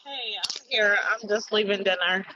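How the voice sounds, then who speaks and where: A woman guest joining a video call from dinner, relaxed and a little scattered, speaking affectionately. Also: mid-range voice, normal speed, dull audio, crowd noise. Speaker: guest, peer trainer. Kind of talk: casual remarks on a video call. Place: restaurant, leaving dinner.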